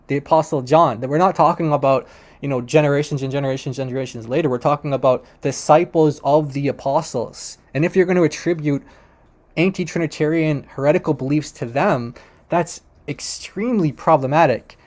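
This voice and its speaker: A man's voice: fairly high pitch, a little mellow. A man commentating on a video clip he plays, making critical points with emphatic repetition. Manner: emphatic, repeats points for stress.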